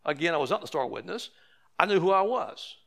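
A man's voice: a little high, very animated, fairly quick, gravelly, a bit bright. A man preaching a sermon in a conversational way, with frequent restarts and asides. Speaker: pastor.

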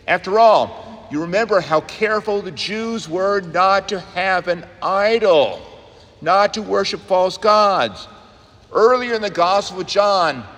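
A man, a pastor, preaching an earnest sermon in a church, rising and quickening on key points. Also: sits high, fairly bright tone. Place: church sanctuary. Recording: long church reverb.

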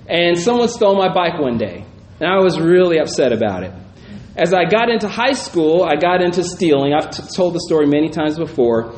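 A man with a high, light voice reads scripture and then talks it through in an easy, conversational way, often tossing out "right?" to his listeners. The sound is roomy and echoing, with a faint hiss of noise behind him. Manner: reads scripture, then muses aloud with frequent "right?" asides. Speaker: pastor. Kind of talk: conversational Bible teaching.

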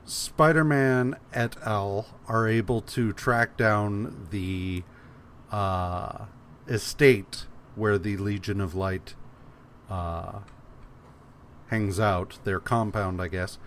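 Slow, low-voiced man hesitating. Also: a little hiss or hum. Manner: relaxed, hesitant, many fillers. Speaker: podcast co-host. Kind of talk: casual comics podcast chat.

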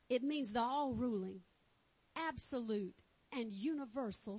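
A woman's voice: sits high, expressive, normal speed, low-quality recording. A woman with a Texan accent preaching a fervent sermon, exclaiming and reading scripture aloud. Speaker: pastor.

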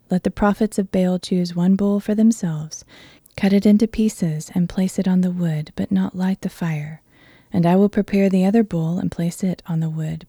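A woman voicing a bold male prophet as she reads a Bible passage in an earnest, steady voice. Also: on the low side, no room sound, studio quality. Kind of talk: Bible reading.

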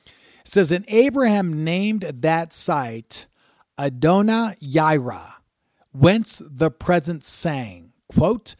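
A man with a high voice and lively intonation teaches scripture slowly in a sermon style, recorded with clean studio sound and no room noise. The Bible teacher is emphatic, reads passages aloud, repeats key words for stress, and often uses "uh" fillers and restarts.

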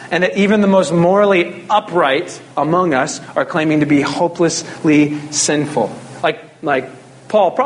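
High-voiced man preaching casually. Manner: casual, conversational preaching with jokes. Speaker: pastor. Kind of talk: sermon.

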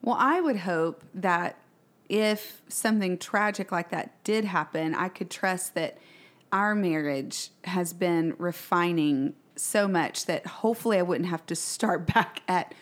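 A woman's voice: lowish voice, measured pace. A woman in a casual podcast conversation, telling stories animatedly and acting out what her children said.

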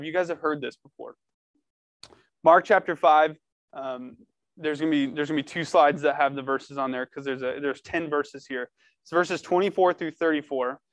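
A man preaching earnestly to a youth group, animated and casual, reading scripture and pleading with his listeners. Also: fairly high pitch, no echo. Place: church room.

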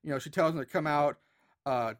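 A man's voice: on the high side, brisk. A man in casual podcast chat, recapping a film in a rambling way with many fillers and restarts. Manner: rambling, filler-heavy retelling with frequent restarts. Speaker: podcast co-host.

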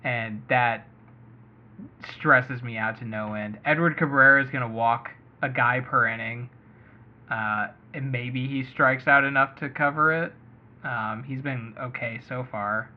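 With a steady tone and measured pace, a mid-range male voice hosts a laid-back fantasy baseball podcast. He chats and thinks through ideas aloud, hedging frequently, and the recording sounds muffled and lo-fi.

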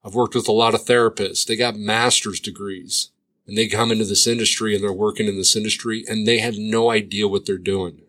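Man, lowish bright voice, sarcastic commentator firing rhetorical questions. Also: level tone, fairly quick. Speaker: addiction treatment provider. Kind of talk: commentary monologue.

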